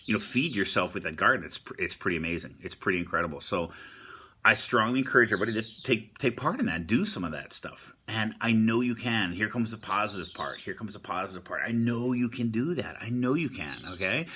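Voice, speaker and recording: A man's voice: lowish voice, animated, brisk, sharp tone, husky. A man giving a casual, upbeat motivational talk, repeating himself often and using surfer slang like "stoked.". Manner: upbeat, encouraging, repetitive. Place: Hawaii.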